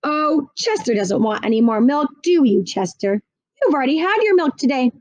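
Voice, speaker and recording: A woman's voice: high voice, sing-song, moderate pace, a little mellow, no room sound. A woman voicing a mother who settles arguments firmly and kindly. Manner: firm, soothing. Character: firm, motherly woman keeping peace.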